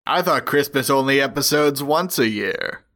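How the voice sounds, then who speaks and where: A man's voice: mid-range voice, expressive, moderate pace, pushed and bright. A man co-hosting a podcast over a video call, chatting casually and doing goofy bits. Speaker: podcast co-host. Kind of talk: casual chat.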